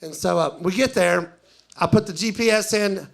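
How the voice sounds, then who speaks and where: A male stand-up comedian telling a story live, chatty and animated, acting out the dialogue. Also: high-pitched, normal speed, creaky.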